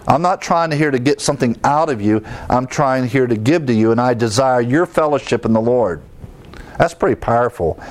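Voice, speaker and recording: A man's voice: mid-range voice, a little mellow. A middle-aged man, a pastor, teaching verse by verse through a Bible passage, reading verses aloud and explaining them plainly. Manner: explains scripture plainly, reads verses aloud, with fillers and restarts.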